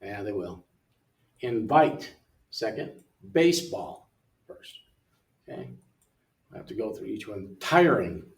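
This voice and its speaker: An older man working through an English app lesson in a relaxed way, thinking aloud and reading words off the screen, recorded from away from the mic in a room. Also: on the low side, normal speed, gravelly, pauses often, recorded from a distance. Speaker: missionary English tutor. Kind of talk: casual walkthrough of an app lesson. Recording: roomy sound from away from the mic.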